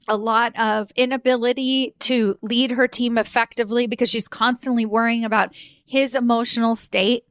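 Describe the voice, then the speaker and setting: A woman hosting a solo podcast as an executive coach, telling client stories in an animated way and acting out the dialogue. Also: on the high side, dry recording, studio quality. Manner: animated storytelling, acts out quoted dialogue with laughs.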